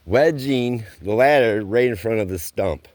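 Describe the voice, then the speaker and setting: Slow-talking man telling a work story. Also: fairly low pitch, animated, a little mellow. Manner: slow, rambling delivery with plain spoken slang. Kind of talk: casual storytelling vlog.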